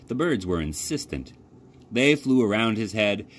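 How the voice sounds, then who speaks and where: A man from a library youth program reading a children's novel aloud as expressive storytelling. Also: measured pace, a little hiss or hum. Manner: expressive storytelling with lively pitch. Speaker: library youth services coordinator. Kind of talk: children's book read-aloud.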